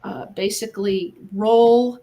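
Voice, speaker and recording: A woman's voice: medium pitch, steady tone, slow pace, mellow, muffled recording. A middle-aged woman from the United States, a guest in an interview, speaking earnestly and encouragingly about her own path. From Eastern Washington, US. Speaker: guest, animal communicator. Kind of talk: podcast interview.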